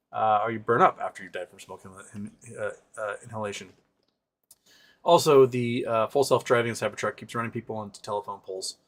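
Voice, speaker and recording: A man hosting a casual livestream, reading viewer comments and answering them in a sarcastic, rambling way with many fillers. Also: medium pitch. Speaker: livestream host.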